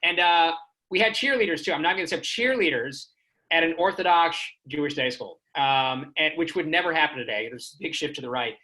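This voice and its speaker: A man's voice: on the high side, fairly quick, sharp tone, rough recording. A man from Houston, Texas doing a stand-up comedy set with self-deprecating storytelling. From Houston, Texas, United States. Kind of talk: stand-up comedy on a remote stream.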